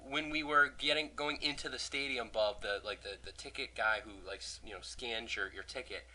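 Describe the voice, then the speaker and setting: Hoarse young man hosting a podcast. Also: mid-range voice, pushed and bright, rough recording. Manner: rambling, profane, joking, many restarts. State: hoarse, lost voice. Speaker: podcast host. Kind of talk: casual podcast chat.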